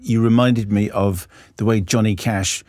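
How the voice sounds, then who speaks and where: A British man co-hosting a film podcast, replying calmly and briefly in casual chat. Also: fairly low pitch, measured pace. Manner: calm, brief agreeing replies. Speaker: podcast co-host.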